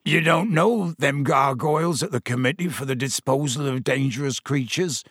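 A man's voice: fairly high pitch, normal speed, vocal fry, slightly rough, no echo, clean studio sound, voice pushed up. A man voicing a grieving giant gamekeeper who bellows and chokes out his words. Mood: choked.

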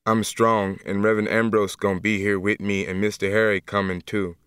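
A man reading as a gentle young jailed man. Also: fairly low pitch, little pitch movement, clean tone, no room sound, studio quality, lightly acted. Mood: earnest. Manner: slow, earnest, plain-spoken dialect. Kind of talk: audiobook first-person reading.

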